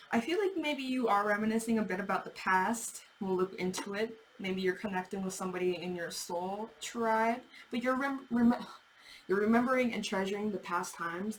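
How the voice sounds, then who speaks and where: A woman's voice: medium pitch, slight background noise, poor audio. A woman giving a casual tarot reading, chatty and thinking aloud, with the odd swear word. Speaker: tarot reader.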